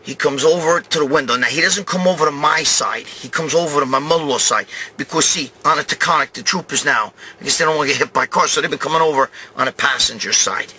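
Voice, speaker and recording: A man in his fifties hosting a show, telling a rambling story, swearing constantly in an animated, streetwise way. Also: a little high, quick pace, hardly any pauses, husky. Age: 50s. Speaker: show host. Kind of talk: profane rambling anecdote.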